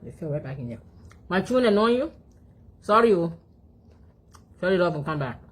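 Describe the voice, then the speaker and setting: A woman's voice: on the low side, big pitch swings, moderate pace, husky. A woman from Africa, chatting casually to her phone and her dog between mouthfuls and humming as she chews. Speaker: vlogger. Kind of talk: casual eating vlog chat.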